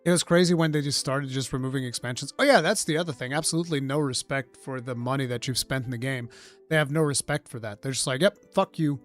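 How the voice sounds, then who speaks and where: A man's voice: medium pitch, fairly even intonation, fast talker, soft background music. A man hosting a live gaming talk show, giving blunt, rambling, profane opinions. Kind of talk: casual gaming commentary.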